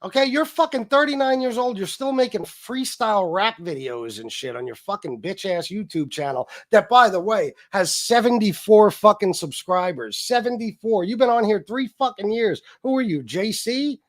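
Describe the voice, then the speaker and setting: A man in his forties hosting a livestream, ranting in a heated, profane way that swings between loud jabs and low mutters. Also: lively intonation, moderate pace, hardly any pauses. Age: 40s. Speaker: livestream host.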